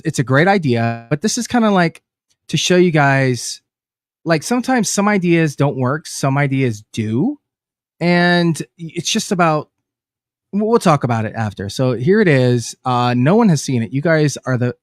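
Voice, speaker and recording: A man in his thirties co-hosting a casual talk stream. He is animated and teasing, and often stammers and restarts his sentences. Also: on the high side, no echo, studio quality. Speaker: co-host. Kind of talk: casual chat.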